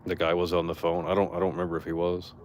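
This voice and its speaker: A young man talks to his stream chat in a rambling, indignant rant. His voice sits a bit low, and the words come loose and profane, full of restarts. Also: monotone, rapid-fire, slight background noise.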